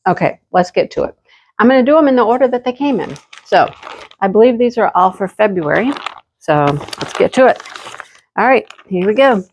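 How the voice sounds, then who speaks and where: A woman's voice: medium pitch, animated, moderate pace, a little mellow. A woman chatting casually to her viewers as she unboxes and shows yarn deliveries for her craft channel. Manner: chatty, talks directly to viewers.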